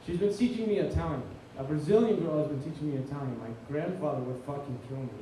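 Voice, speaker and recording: Animated man doing stand-up. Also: fairly high pitch, fast talker, noisy background. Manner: animated storytelling, swings loud for acted quotes. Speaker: comedian. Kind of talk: stand-up comedy set. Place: comedy club stage. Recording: echoey room from far off.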